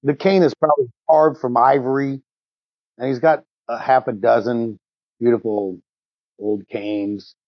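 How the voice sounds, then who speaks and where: A man playing a tabletop role-playing game improvises scene narration in a casual, rambling way with fillers. His medium-pitched voice is steady and a little slow, with no echo but lo-fi sound.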